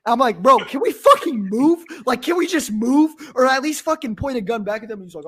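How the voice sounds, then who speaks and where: A young man from Pennsylvania, a streamer, telling a story in casual chat with lots of swearing and animated energy. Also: extremely high pitch, brisk, slightly rough.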